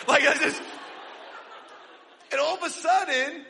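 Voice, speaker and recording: A young man preaching a casual, energetic sermon, using slang and quizzing his audience. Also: very high voice, unhurried, creaky, some chatter behind, slight background noise. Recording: long reverb of a large hall.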